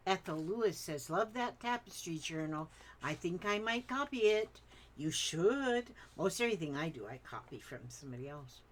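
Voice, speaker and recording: Older female craft host, lowish voice, chatty and rambling while reading comments. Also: lively intonation, normal speed. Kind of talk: reading viewer comments aloud.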